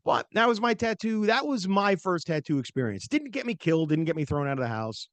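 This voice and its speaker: A man's voice: high-pitched, brisk, dry recording. A middle-aged man hosting a podcast, telling a personal story in a chatty, casual way with lots of fillers. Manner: animated, chatty, many fillers, acts out quoted voices. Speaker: podcast host.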